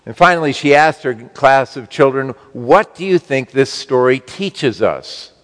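A man preaching a sermon to his congregation, slow and emphatic, with wide swings between loud and soft. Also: mid-range voice, animated, in a large hall. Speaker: pastor.

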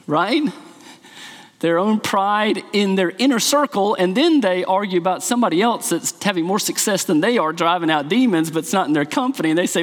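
Male pastor with a high voice, earnest rhetorical preaching, recorded in a reverberant church. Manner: earnest teaching with rhetorical questions. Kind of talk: sermon. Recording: long hall reverb.

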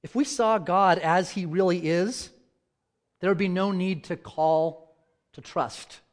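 A man preaching from the pulpit in a voice pitched a little above most men's. He drops to a near murmur in prayer and climbs to loud, fervent emphasis when retelling scripture scenes. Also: steady tone, takes it slowly. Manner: reads scripture, prays softly, then tells stories and rises to loud dramatic peaks. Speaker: church elder preaching. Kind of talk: sermon.

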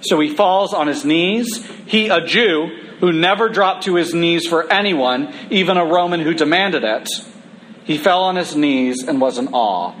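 A man preaching a conversational sermon, humorous at times and slowing down for emphasis. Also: fairly high pitch, a bit bright, slight background noise.

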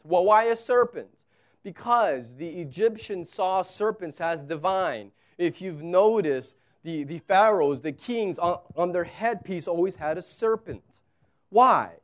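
A man's voice: sits high, animated, a little slow. A male pastor preaching a sermon with emphasis, acting out the quotes.

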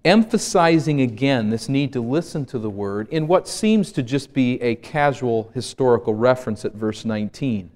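A man's voice: normal speed, hardly any pauses. Man preaching with earnest, swelling emphasis. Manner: earnest preaching, rising to emphatic peaks and dropping to hushed low points. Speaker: pastor. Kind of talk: sermon.

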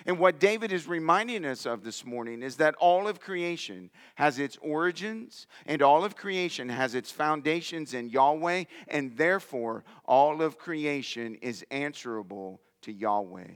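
A man's voice: a little high, animated, unhurried, few pauses, fairly bright tone, big-room sound. A man preaching a sermon, reading scripture aloud and speaking with emphatic conviction. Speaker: pastor.

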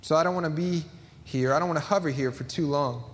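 A man delivers a sermon with earnest conviction, reading scripture and hammering key lines through repetition. His voice sits a little high for a man. It carries with a long reverb, as in a church sanctuary. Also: fast talker, slight background noise. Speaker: pastor.

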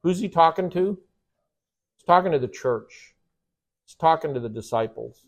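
A man's voice: a little high, animated, normal speed, long pauses. A man teaching a Bible study lesson in an emphatic, conversational way, often checking in with rhetorical questions and taking questions from the class.

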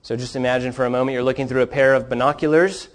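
Man, pastor, sermon, earnest storytelling delivery, mid-pitched voice. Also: steady tone, very fast. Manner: earnest preaching, reads quoted account with rising fervor.

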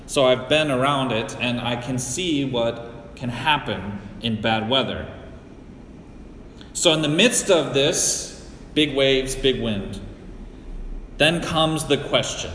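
A middle-aged man from the Great Lakes region of the US, preaching a sermon as a pastor in a slow, deliberate storytelling manner with personal anecdotes, recorded in a church sanctuary. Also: mid-range voice, fairly bright tone, slight background noise. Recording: echoey hall with long reverb.

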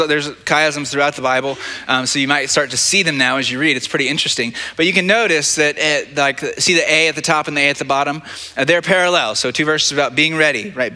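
A man's voice: on the high side, pushed and bright. A man preaching a sermon as pastor at a church service, talking conversationally, repeating words and asking "right?" often. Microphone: handheld or stage mic.

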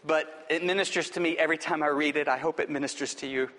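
Male pastor, earnest exhorting sermon, high voice, reverberant church sanctuary. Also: steady tone, fast, fairly bright tone. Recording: long hall reverb.

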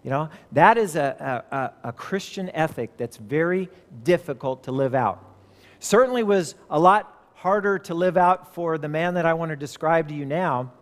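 A man's voice: fairly high pitch, normal speed, in a large hall. A middle-aged man preaching a sermon, telling a story in a conversational, earnest way with frequent restarts.

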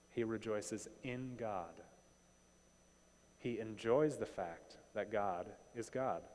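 Man, pastor, sermon, lowish voice, rhetorical questions, long church reverb. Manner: conversational, animated preaching with rhetorical questions.

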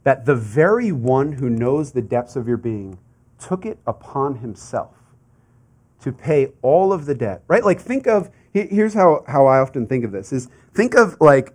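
Male pastor, sermon delivery, animated pitch, conversational but fervent. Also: moderate pace. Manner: conversational preaching, building to fervent emphasis; asks the congregation rhetorical questions.

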